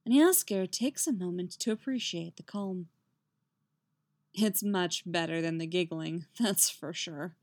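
Woman reading a story slowly. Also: fairly low pitch, darkish tone. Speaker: reader. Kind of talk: audiobook-style fiction reading.

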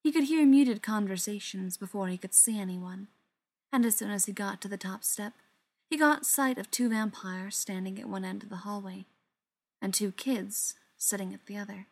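A woman reads a novel aloud in an even, mid-pitched voice. Her delivery is steady and dramatic, and some quieter passages sink to a near whisper. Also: moderate pace, gravelly. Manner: steady, dramatic reading with soft, hushed passages. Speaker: narrator. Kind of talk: audiobook narration.

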